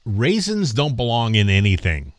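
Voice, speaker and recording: A man's voice: mid-range voice, huge pitch swings, normal speed, no room sound. A man co-hosting a radio show, chiming in with dry, teasing, opinionated asides. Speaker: radio co-host. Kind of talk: casual radio chat.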